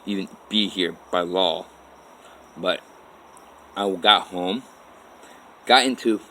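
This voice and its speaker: Low voiced guy rambling thru his own story, cursing, restarting a lot, faint hum behind. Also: poor audio. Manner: rambling, profane, with many restarts. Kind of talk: personal story told to camera.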